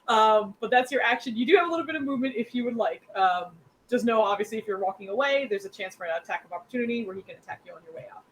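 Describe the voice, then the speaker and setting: A woman's voice: a little high, lively intonation, racing, few pauses, slight background noise, low-quality recording. A woman as dungeon master of a tabletop game, explaining rules patiently, often giggling and apologizing.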